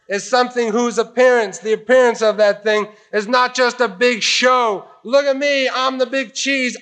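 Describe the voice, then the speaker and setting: A man preaching a revival sermon with a high, lifted voice. He talks in a folksy, animated way and slips into acted-out quotes to drive his points home. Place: tent meeting.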